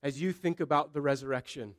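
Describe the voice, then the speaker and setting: A male pastor preaches a sermon in church, building his points through repeated emphatic phrases. His voice is a little higher than most men's, and he moves at a quick pace.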